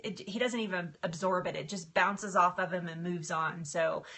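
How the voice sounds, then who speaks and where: A middle-aged woman chatting casually on a live stream, emotional and quick to laugh, answering viewer comments. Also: fairly low pitch, fairly even intonation, a bit bright. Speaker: livestream host.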